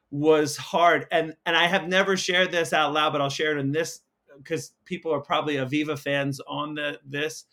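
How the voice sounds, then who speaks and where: A man's voice: a little high, little pitch movement, moderate pace, pushed and bright. Earnest man telling a story. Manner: earnest, emotional, many fillers and restarts. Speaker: school counsellor, podcast guest. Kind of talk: casual storytelling conversation.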